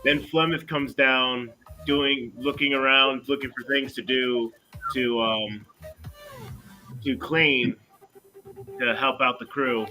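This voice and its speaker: A man playing in a tabletop game, describing his character's actions in a halting way with many fillers. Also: mid-range voice, steady tone, bright, forceful tone, faint music behind. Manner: halting, filler-heavy storytelling. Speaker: player. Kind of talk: casual tabletop play.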